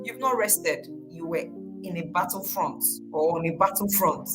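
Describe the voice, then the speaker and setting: A woman talks in a loose, conversational way, giving motivational advice. She repeats her phrases and slips into quoted voices, and her pitch sits in the middle. Music plays clearly beneath her. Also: moderate pace, rough recording. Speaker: motivational speaker. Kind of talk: casual motivational talk.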